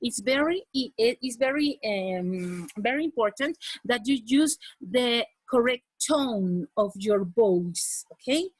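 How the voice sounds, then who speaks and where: A woman's voice: a little high, expressive, slow pace, husky, no echo. Woman teaching English, dry close mic. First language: Spanish. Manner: repeats "okay?" after each point, switches into Spanish. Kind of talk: online class lesson.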